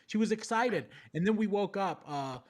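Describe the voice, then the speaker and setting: A man's voice: high voice, expressive, moderate pace, a little mellow. A man hosting a live stream, casually recounting events to his co-hosts and viewers. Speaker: show host.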